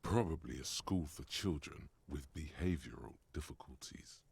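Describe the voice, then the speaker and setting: A man's voice: very deep voice, normal speed, gravelly, slight background noise, voice pushed down. A man voicing the theatrical inner voice of a game detective, grand and courtly, addressing the listener as sire. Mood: wry. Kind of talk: reading video game dialogue aloud.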